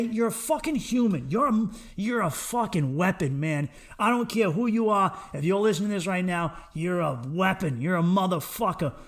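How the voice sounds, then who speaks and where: A young man talks into a podcast mic in a high voice, cursing freely. He jumps between loud, fired-up pep talk and low, muttered asides. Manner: profane, excitable, swings between loud and low. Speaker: podcast host. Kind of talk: solo podcast rant.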